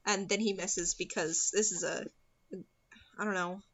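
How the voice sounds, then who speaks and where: A woman retells a film's story in a relaxed podcast chat, animated and dotted with ums. Her voice is bright and forceful. The recording sounds slightly dull and lo-fi. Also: medium pitch, moderate pace. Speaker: podcast co-host recapping a film. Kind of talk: casual chat.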